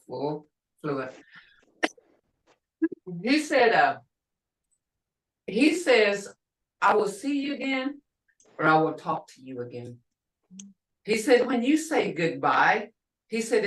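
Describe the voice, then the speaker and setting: A middle-aged woman teaching a language class online, explaining slowly and repeating words for her learners. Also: lowish voice, fairly bright tone. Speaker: language instructor. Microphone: video call. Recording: roomy and distant video call audio.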